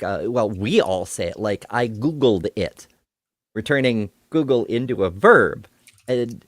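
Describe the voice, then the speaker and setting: A man hosts a casual livestream, chatting playfully and swearing freely. His mid-pitched voice moves a lot, and the sound is dry and close. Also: no room sound. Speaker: host. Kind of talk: casual stream chat.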